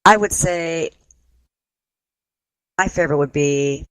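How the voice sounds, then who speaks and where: A woman's voice: low-pitched, slow, fairly bright tone, clear, resonant tone, dry recording, rough recording. A woman guest on a radio talk show, a paranormal investigator who tells stories in a giggly way and often breaks into laughter. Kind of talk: casual radio chat.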